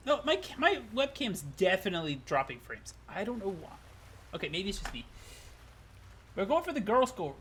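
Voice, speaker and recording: A man streaming a game playthrough to chat, swearing often and reacting loudly, at a desk mic at home. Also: sits high, breathy edge. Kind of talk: casual livestream playthrough.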